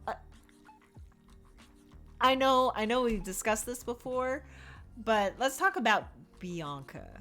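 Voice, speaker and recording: An excitable young woman chats casually on her stream, breaking into laughs and playful swearing as she acts out little quotes. Her talk swings up and down with enthusiasm. Faint music plays behind her. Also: on the high side. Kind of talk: casual chat.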